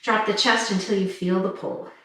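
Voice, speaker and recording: A woman fitness instructor calmly talking listeners through a stretching cool-down while doing it herself. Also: mid-range voice, normal speed. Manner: calm, encouraging cues while demonstrating stretches. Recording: very echoey room, mic far off.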